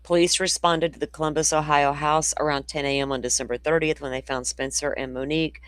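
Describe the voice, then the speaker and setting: A woman's voice: sits low, steady tone, brisk, clear, resonant tone, no echo. A woman hosting a true crime show, reading news reports aloud and breaking off into opinionated, conversational asides to her viewers. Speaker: true crime podcast host.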